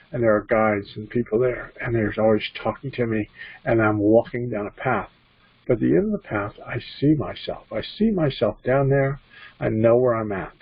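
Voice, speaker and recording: A man teaching as a spiritual medium, halting and repeating himself, on a dull, dry computer recording. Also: fairly low pitch, husky, no echo. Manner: halting, repeats and restarts phrases. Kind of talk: teaching talk. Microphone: computer mic.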